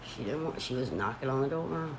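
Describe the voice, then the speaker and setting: A woman vlogger chatting casually from a hotel room, retelling events in an animated way with lots of "like.". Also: very deep voice, brisk, slight background noise. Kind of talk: casual storytelling.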